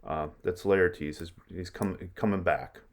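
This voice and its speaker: A man's voice: low-pitched, fairly even intonation, measured pace. A man teaching a play, stopping between readings to explain the lines in casual everyday words.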